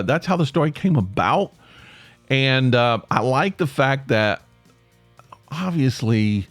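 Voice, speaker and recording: A man's voice: mid-range voice, no room sound. A man with an Appalachian accent, hosting his own podcast and talking in a rambling, self-correcting way with frequent chuckles. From East Tennessee. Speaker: podcast host. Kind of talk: casual monologue.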